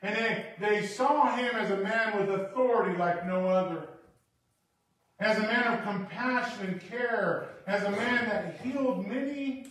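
A man preaching a sermon, animated and swinging from quiet asides to shouting. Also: high-pitched, measured pace. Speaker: pastor. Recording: echoey hall, from far off.

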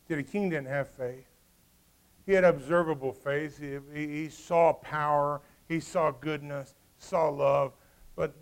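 A male pastor delivers a sermon with real animation, his voice sitting a little higher than most men's. He swings between loud, emphatic peaks and quiet, hushed asides, and he slips into the voices of the people in the story. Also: unhurried. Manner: animated, acts out voices of the characters.

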